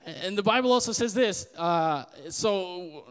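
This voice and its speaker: A young man gives a casual, sermon-like Bible talk, animated and quick to act out the voices he quotes. His voice sits a little high for a man. A long reverb trails after his words. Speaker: podcast host.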